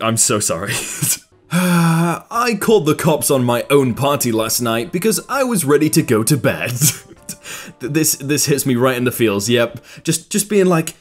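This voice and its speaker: A man hosting a comedy channel, reading out funny posts and reacting with frequent laughter in a casual commentary style. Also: mid-range voice. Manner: laughs often, lively voice. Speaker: YouTube host reading Reddit posts.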